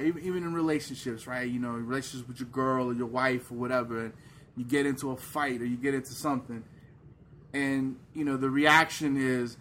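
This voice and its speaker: A man co-hosts a casual faith podcast with a faint hiss in the background. He talks in an animated, filler-heavy way and slips into playful voices to act out what others say. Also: mid-range voice, fairly quick. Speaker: podcast co-host.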